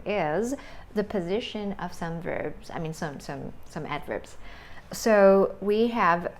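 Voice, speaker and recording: A woman gives an English lesson in a measured, unhurried voice, pitched a little low. She talks slowly and deliberately, demonstrating intonation with example questions. Faint background noise sits under the recording. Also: vocal fry. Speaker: English teacher. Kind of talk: video lesson.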